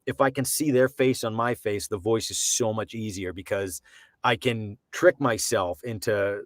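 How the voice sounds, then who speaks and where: A man's voice: on the low side, normal speed, no room sound. Man chatting in a dry, close sound. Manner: animated, rambling explanations with many restarts. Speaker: professional voice actor, guest. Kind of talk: casual interview chat.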